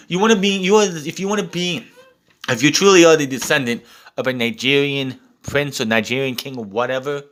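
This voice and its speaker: A man's voice: medium pitch, fairly bright tone. A young man giving a blunt, profane recap and opinion of a wrestling show.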